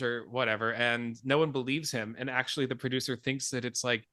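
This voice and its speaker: Bright-voiced man recapping a movie. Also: mid-range voice, a little fast, dry recording, clean studio sound. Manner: animated storytelling, swearing, laughing at himself. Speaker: podcast host. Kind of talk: casual film discussion.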